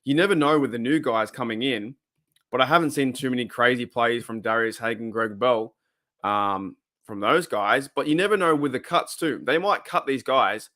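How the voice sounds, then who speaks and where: Speaking at a normal speed with a medium pitch and a sharp tone, this Australian thirtysomething runs a fan livestream. His casual talk with viewers wanders easily and circles back to the same points a lot.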